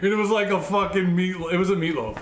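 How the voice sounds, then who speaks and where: A man's voice: high voice, fast. Laughing, rambling man in an echoey room. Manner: laughs through crude stories, rambling with many fillers. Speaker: podcast co-host. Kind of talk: casual chat.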